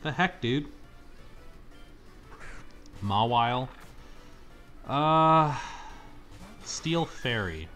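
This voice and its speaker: A young man commenting on his gameplay, complaining dramatically and yelling at the game when things go wrong. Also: medium pitch, lively intonation, extremely slow, long pauses. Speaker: let's-play gamer. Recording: faint game music behind.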